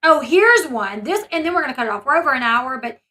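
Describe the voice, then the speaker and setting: A woman with a high, bright voice talks through a commentary video. Her delivery rambles and turns emphatic and indignant, full of asides to her viewers. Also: big pitch swings, quick pace. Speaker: commentary channel host; mother. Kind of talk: casual commentary.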